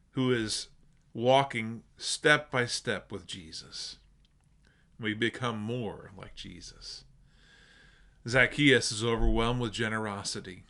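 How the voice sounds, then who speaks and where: A man preaching a sermon as pastor, earnest and emphatic, slowing down on stressed phrases. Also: mid-range voice, pushed and bright.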